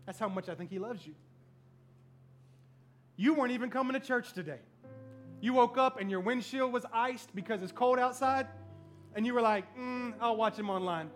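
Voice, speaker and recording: A middle-aged man preaching in church, his voice sitting very high and ringing bright. He tells his stories with animated, comic energy. His delivery is a lively sermon to a congregation. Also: normal speed, pauses often, soft background music. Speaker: pastor. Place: church service before a congregation.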